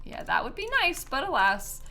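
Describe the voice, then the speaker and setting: Bright, lively woman streamer chatting. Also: sits high, normal speed, creaky, faint music behind. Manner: chatty and giggly, answers chat. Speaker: streamer building in a life-sim game. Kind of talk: casual live-stream chat.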